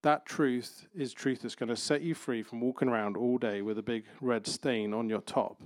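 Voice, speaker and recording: Man, conversational sermon, light playful asides, mid-pitched, dry close sound. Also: fairly even intonation, normal speed, no echo. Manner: conversational preaching with playful everyday examples. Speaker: pastor.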